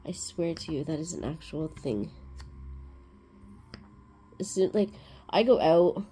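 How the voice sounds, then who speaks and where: Chatty woman telling stories in a low, mellow voice. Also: lively intonation, slow, husky. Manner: chatty, rambling storyteller. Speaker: crafting vlog host. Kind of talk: casual chat.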